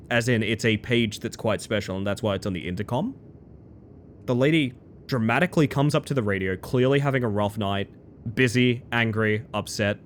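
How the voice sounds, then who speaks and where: A man, chatting excitedly as he streams a game live. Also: mid-range voice, slight background noise. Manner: excitable, chatty, bursts into loud exclamations. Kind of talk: live gameplay commentary.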